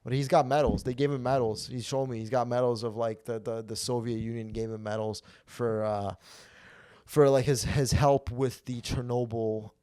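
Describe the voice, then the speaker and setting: A man's voice: medium pitch, normal speed, smooth, dry recording. A young man hosting a comedy podcast, telling rambling, profane stories in casual chat. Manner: rambling, profane, animated storytelling. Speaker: podcast host.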